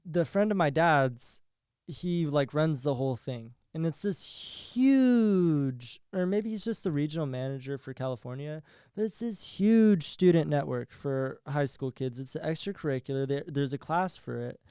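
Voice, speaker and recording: A man's voice: fairly high pitch, expressive, a little slow, warm tone, smooth, dry recording. Young man, solo podcast host, rambling monologue, profane, laughs at own jokes, resonant voice, dry close sound.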